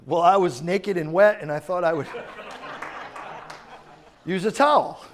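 Speaking slowly in a high voice, this male pastor keeps his sermon conversational and regularly checks if the crowd understands him. A little hiss or hum sits under the recording.

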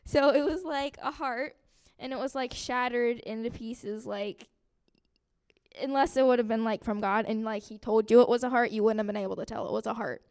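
A young woman giving a personal testimony to a church group, soft and halting, with many fillers and sighs. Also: fairly high pitch, fairly even intonation.

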